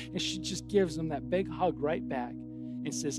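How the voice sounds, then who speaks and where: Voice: mid-range voice, moderate pace, music in the background. Impassioned pastor preaching a sermon. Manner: storytelling that builds to impassioned appeal.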